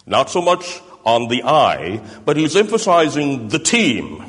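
A man's voice: mid-range voice, wildly swooping pitch, a little slow, a bit bright. A man preaching a sermon, explaining step by step and checking in with tag questions like "doesn't it?". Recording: reverberant hall.

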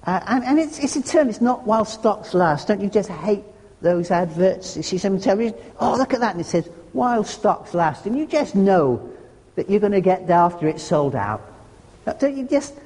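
A man's voice: sits high, very animated, brisk, mellow, slightly rough. A man preaching a sermon, earnest and conversational, with homely humorous asides. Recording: long hall reverb.

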